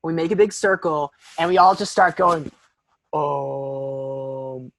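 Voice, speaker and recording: A man's voice: sits high, a little fast, no room sound. A young man, a podcast guest, telling a story casually with lots of "like" and fillers. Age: young adult. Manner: animated, filler-heavy, frequent "like".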